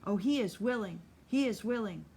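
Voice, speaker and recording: A woman's voice: medium pitch, lively intonation, moderate pace, dark tone, breathy edge. A woman voicing an ecstatic young woman at a revival meeting, calling out in musical, trembling cries.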